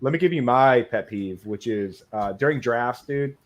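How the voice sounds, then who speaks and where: A man's voice: mid-range voice, normal speed, slight background noise. A man with a Boston accent hosting a casual podcast chat, talkative and laid back, saying dude often. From Boston, USA. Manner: chatty, says dude a lot. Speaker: podcast host.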